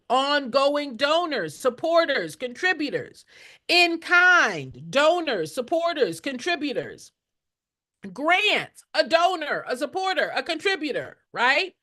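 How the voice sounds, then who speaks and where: A woman's voice: sits high, bright, forceful tone. A woman fundraising coach teaching a live class with emphatic, repetitive call-and-response, often asking listeners to answer in the chat.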